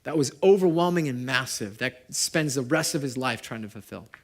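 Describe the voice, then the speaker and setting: A young adult man preaching a sermon to his congregation in a conversational way, asking them questions and moving between loud and hushed. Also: mid-range voice, animated, moderate pace. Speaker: pastor. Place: church service before a congregation.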